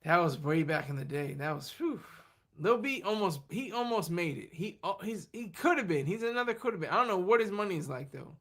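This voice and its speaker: A tired livestream host rambles through casual chat with a bright, forceful voice, laughing often and answering viewers' comments as they come up. The pitch sits mid-range. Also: lively intonation, a little fast. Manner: tired, running on fumes.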